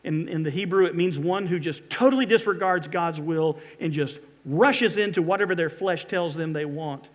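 High-voiced preaching pastor. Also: male voice, moderate pace, few pauses. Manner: dramatic, reads scripture aloud with emphatic pleas. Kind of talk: sermon.

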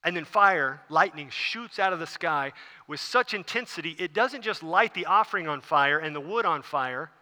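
A man preaches, his voice pitched high and pushed hard with a sharp, forceful edge. He tells the story in an animated way and acts out each scene. The sound rings with the long reverb of a large church hall. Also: normal speed. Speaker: pastor. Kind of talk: sermon.

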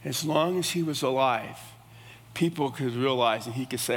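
A man's voice: medium pitch, moderate pace. Folksy male preacher in a reverberant hall. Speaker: pastor. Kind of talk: sermon. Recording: long reverb of a large hall.

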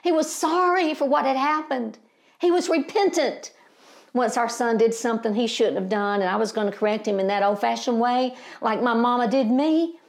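A woman's voice: a little high, moderate pace. An older woman preaching a sermon, impassioned and folksy, rising to emphatic peaks and calling her listeners beloved and family.

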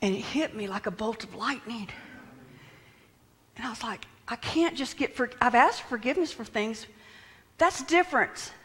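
A woman's voice: fairly high pitch, normal speed, pauses often, fairly bright tone. A woman preaching a sermon who acts out the prayers she quotes and drops some lines to a near whisper. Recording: long reverb of a large hall.

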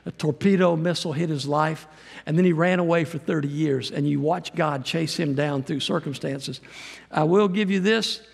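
A middle-aged guest preacher and missionary delivers a sermon in a church sanctuary, his gravelly, fairly high voice moving at a moderate pace. He's folksy and rambling, with self-deprecating asides, and the hall adds a long reverb.

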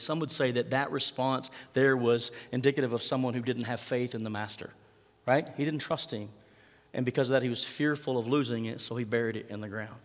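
A man preaching a sermon in a relaxed, conversational way, sometimes acting out lines from the text. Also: mid-range voice, brisk. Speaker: pastor. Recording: long hall reverb.

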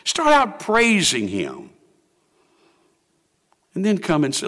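A man's voice: high-pitched, huge pitch swings, measured pace, pauses often, sharp tone. An older man, preaching a sermon as pastor and acting out people's prayers in quoted voices. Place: church sanctuary. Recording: long hall reverb.

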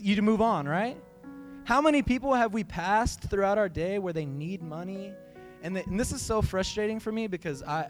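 A young man with a high voice preaching in a loose, chatty style, often tossing in "like" and "right". Soft music plays faintly behind him. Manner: conversational, animated, says "like" and "right" often. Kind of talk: informal sermon.

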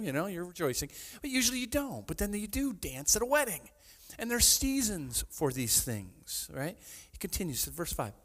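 A man preaching a sermon in a casual, conversational way, often asking "right?", restarting sentences, and reading scripture slowly in a lower voice. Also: fairly bright tone, in a large hall. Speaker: pastor.

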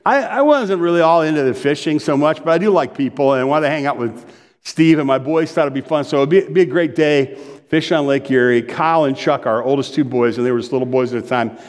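A middle-aged man and pastor preaching a conversational sermon, telling stories in an animated way and often interrupting himself. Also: a little high, fast, long reverb tail. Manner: animated storytelling, self-interrupting.

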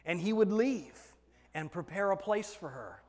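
A man preaching a sermon as pastor, emphatic, swinging between hushed and loud passages. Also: sits high, expressive, unhurried, big-room sound.

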